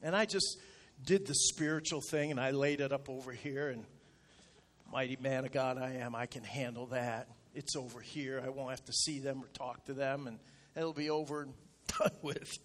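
A middle-aged male pastor telling a personal story in a sermon, in a folksy, self-deprecating way that gets animated as he retells his anger. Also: medium pitch, normal speed. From rural upstate New York.

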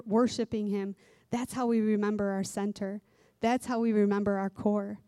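A woman's voice: mid-range voice, mellow, clean tone, dry recording. A woman who teaches dance giving an earnest devotional sermon, repeating key phrases for emphasis.

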